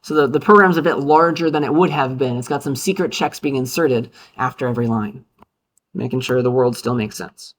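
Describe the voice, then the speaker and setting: A man's voice: mid-range voice, fairly quick. A male university lecturer giving a casual, upbeat classroom lecture with playful asides.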